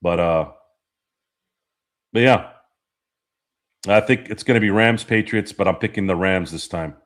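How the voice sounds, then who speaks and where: A man hosts a loose sports talk stream and answers the live chat. His voice sits a little low. He rambles from one story to the next, swearing freely and laughing at his own jokes. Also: a little slow, a bit bright. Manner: rambling, profane, laughs often. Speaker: podcast host.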